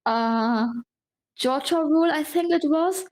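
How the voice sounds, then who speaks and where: High-voiced woman, halting and chatty. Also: darkish tone. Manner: halting, many fillers and restarts, laughs often. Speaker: podcast guest, fan page admin. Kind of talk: casual podcast chat.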